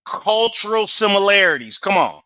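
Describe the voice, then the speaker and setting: A man's voice: high-pitched, very animated, normal speed, noisy background. A man hosting a reaction video, talking emphatically and preachily as he comments on footage. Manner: emphatic, preachy, keeps saying "come on".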